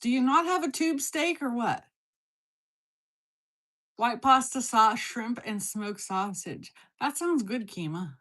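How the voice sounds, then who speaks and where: A woman with a high-sitting, fairly bright voice hosts a casual cooking livestream from her kitchen. She reads out viewer comments and answers them bluntly, with a teasing, playful edge.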